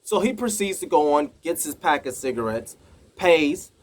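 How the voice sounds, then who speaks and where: High-voiced American man telling a story. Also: animated, normal speed, background noise. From United States. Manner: emphatic, indignant retelling. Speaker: vlogger. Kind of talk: casual storytelling to camera.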